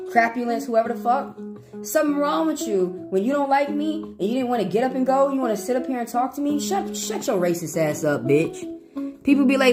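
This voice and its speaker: A woman tarot reader talking bluntly and profanely to her live chat. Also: fairly high pitch. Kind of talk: live-stream talk to chat. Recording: guitar music in background.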